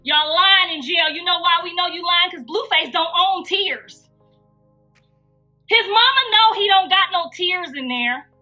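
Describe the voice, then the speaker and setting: A woman's voice: very high voice, a little slow, sharp tone, lo-fi sound, faint music behind. A woman hosting a live gossip stream, preaching emphatically and calling out to her listeners. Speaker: gossip channel host.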